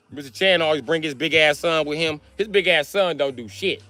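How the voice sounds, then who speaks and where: A male comedian telling a profane, animated comic story on a live stream. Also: a little high, fairly quick, few pauses, no echo, faint music behind.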